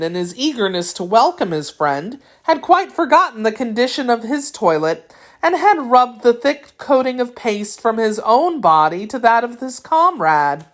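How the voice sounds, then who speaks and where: A woman narrating a classic children's storybook with clear, expressive reading. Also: a little high. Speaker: audiobook narrator.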